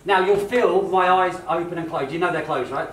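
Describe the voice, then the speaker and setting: Cheeky, fast-talking stage magician. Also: male voice, sits high, recorded from a distance. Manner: cheeky, teasing banter with volunteers. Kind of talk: live comedy magic show. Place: large indoor hall with an audience. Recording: roomy hall, voice from afar, audience noise.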